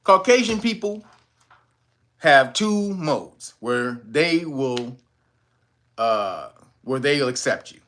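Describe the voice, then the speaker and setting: A man's voice: mid-range voice, animated, takes it slowly, long pauses, fairly bright tone. A man hosting a casual commentary vlog, talking bluntly and profanely with mocking laughter. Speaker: channel host.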